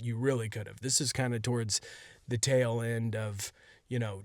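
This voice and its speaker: Give me a man with an average-pitched voice, telling a rambling story in a dead-dry room. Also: no room sound. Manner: rambling, laid-back, heavy on "like". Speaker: podcast host and stand-up comedian. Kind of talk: casual solo storytelling.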